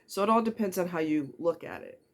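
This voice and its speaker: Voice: mid-range voice, lively intonation, fairly quick. A middle-aged person speaking candidly to camera in an earnest, blunt way, with pointed rhetorical questions.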